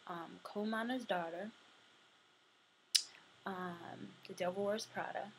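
A young woman chatting casually to camera, answering questions for a tag video, sometimes dropping to a soft murmur. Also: medium pitch, fairly even intonation, takes it slowly, a little hiss or hum, poor audio. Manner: chatty, drifting between soft murmurs and bright bursts.

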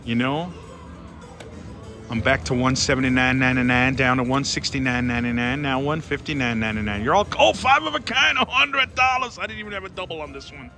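A man giving excited running commentary on a slot machine as he plays, talking to his viewers and pleading with the machine, on a casino floor. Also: mid-range voice, brisk. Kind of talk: casual live commentary while gambling. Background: casino music.

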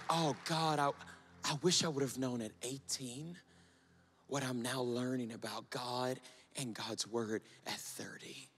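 A man preaching an impassioned sermon to students, urging them on, then dropping to a hushed whisper. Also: mid-range voice, measured pace, gravelly, faint music behind, some chatter behind. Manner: urgent, swinging from loud exhortation to hushed whisper. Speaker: youth preacher.

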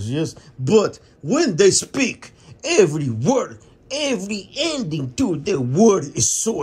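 A woman's voice: mid-range voice, a little mellow, breathy edge, exaggerated voice. A woman voicing a rambling Russian guy in a put-on Russian accent, tacking "yes?" onto her claims. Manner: rambling, leans on "yes?" and "kind of like". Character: self-important Russian guy, odd and rambling.

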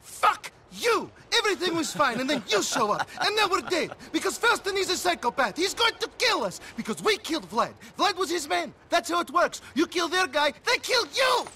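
A man's voice: extremely high pitch, sing-song, brisk, few pauses, pushed and bright, slight background noise, full character voice. A man voicing a jumpy, paranoid cousin who whines frantically, in a video game cutscene. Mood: panicked. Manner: frantic, whining.

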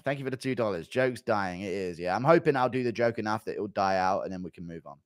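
A man's voice: on the low side, fast, few pauses, dry recording, clean studio sound. A young man livestreaming and reading out paid chat messages, laughing, swearing and acting mock-exasperated.

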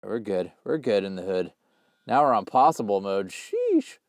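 A young man giving casual gameplay commentary, full of slang, who often bursts into loud screams and laughter. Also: fairly low pitch, moderate pace, no echo, studio quality. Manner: hyped, yells and screams when excited, slangy. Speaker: gaming YouTuber.

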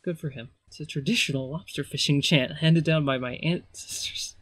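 A man's voice: on the high side, moderate pace, fairly bright tone, dry recording. A man giving casual gameplay commentary as a let's player, rambling with sarcastic asides.

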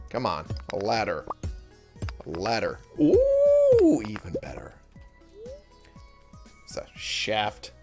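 Over game music, a gaming host talks to himself as he plays, keeping up chatty, casual let's-play commentary. His voice sits low with a creaky quality.

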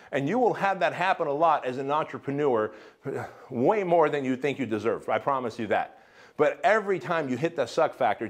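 A man coaching entrepreneurs in a punchy, emphatic motivational seminar talk, often checking in with a rhetorical "right?". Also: medium pitch. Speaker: business coach.

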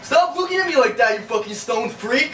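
A performer playing a crude, jealous husband who yells and swears constantly. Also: mid-range voice, lively intonation, a little fast. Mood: angry yelling. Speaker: comedy sketch character. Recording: roomy, distant home-video sound with faint noise.

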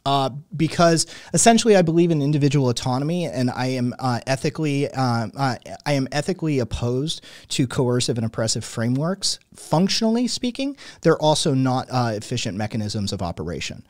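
A man in his late thirties hosts a conversation. He speaks at a medium pitch in long, winding sentences full of fillers. His voice sounds dry and close to the mic. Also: animated, brisk, hardly any pauses, darkish tone, no room sound. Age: late 30s. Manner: talkative, wordy, many fillers and restarts. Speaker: podcast host. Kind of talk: conversational interview.

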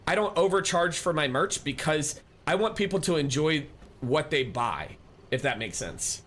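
A man's voice: fairly high pitch, expressive, moderate pace, a bit bright, a little hiss or hum. A man live-streaming, chatting casually and rambling as he answers viewers and thanks them. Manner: rambling, restarts often, reads chat aloud.

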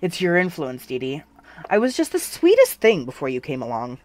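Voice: mid-range voice, huge pitch swings, fairly quick, a little mellow, no echo. Narrator voicing a sarcastic young cyborg. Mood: wry. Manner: sarcastic, self-mocking. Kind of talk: fan fiction audiobook reading.

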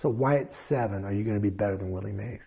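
A man's voice: lowish voice, very fast, creaky, breathy edge, lo-fi sound, voice pushed down. A man doing a stern baseball coach. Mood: challenging. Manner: blunt, demanding.

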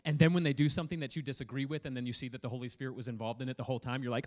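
A pastor preaching a sermon in an energetic, playful way, prodding the congregation to respond. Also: male voice, mid-range voice, rapid-fire. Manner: energetic, playful, prods the audience for feedback.

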